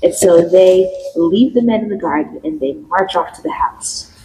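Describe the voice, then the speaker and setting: A woman co-hosting a podcast, chatting casually as she retells a play's plot and acts out the quotes in a higher voice. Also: lively intonation, moderate pace, background noise. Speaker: podcast co-host. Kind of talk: casual chat recapping a play.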